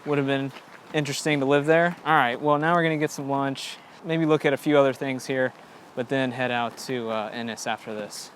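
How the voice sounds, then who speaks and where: A man hosting a travel vlog, talking to viewers in a relaxed, chatty way while outdoors on a day trip. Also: medium pitch, a little fast, heavy background noise. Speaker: vlog host. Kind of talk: casual vlog narration.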